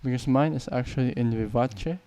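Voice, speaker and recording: A man's voice: mid-range voice, a little fast, dark tone. A man teaching a piano tutorial, counting beats aloud and explaining patiently. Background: piano playing.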